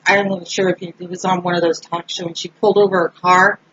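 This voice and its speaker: A woman in casual podcast chat, telling a story in an animated way. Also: on the low side, fast, a little hiss or hum. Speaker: podcast co-host. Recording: slightly dull lo-fi sound.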